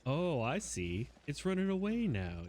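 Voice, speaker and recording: A man's voice: fairly high pitch, wildly swooping pitch, a little slow, a little mellow. A man giving live gameplay commentary, playfully chatting to the monsters he fights. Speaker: game streamer. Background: game music.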